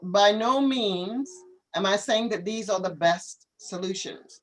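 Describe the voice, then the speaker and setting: A woman teaching English to students over a video call. She is patient and corrective, and she stretches words out slowly to model how they are said. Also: medium pitch. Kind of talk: online class coaching.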